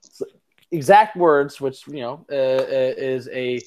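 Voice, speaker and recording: A man's voice: medium pitch, takes it slowly, a little mellow. A young man co-hosting a casual sports podcast, rambling and profane, with lots of fillers and restarts. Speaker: podcast co-host.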